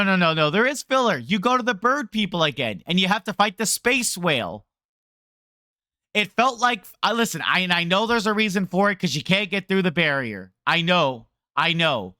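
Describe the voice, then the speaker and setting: A man's voice: high voice, lively intonation, moderate pace, bright, forceful tone, no room sound, clean studio sound. A man streaming a game, ranting to his chat in a rambling, sarcastic way. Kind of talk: casual game rant to chat.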